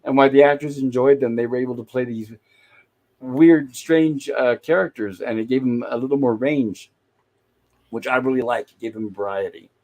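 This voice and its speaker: A man's voice: mid-range voice, normal speed, darkish tone. A man hosting a show, casually retelling an old TV episode scene by scene. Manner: acts out quoted lines while recapping, chatty. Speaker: host.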